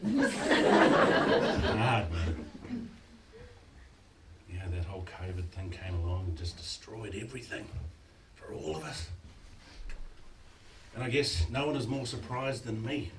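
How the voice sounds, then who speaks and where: A man with a New Zealand accent doing live stand-up comedy, loud and animated, breaking into shouted bits. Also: on the low side, unhurried, long pauses, a little hiss or hum. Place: small live event venue with audience. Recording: echoey room, far from mic, loud crowd.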